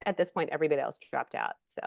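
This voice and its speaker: A middle-aged woman, an actress guest in a casual interview, telling lively stories and acting out quotes. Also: low-pitched, rapid-fire, gravelly, no room sound, studio quality. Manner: animated storyteller, acts out quotes.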